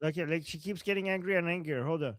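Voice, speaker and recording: A man from Iran co-hosting a political talk show, animated and scornful, at times shouting in anger. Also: a little high, fast talker. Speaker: co-host.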